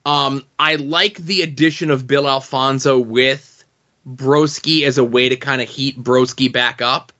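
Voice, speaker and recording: A man's voice: medium pitch, steady tone, a little slow, pushed and bright, lo-fi sound. A man co-hosting a wrestling podcast in casual chat, hesitant and full of fillers and restarts. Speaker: podcast co-host.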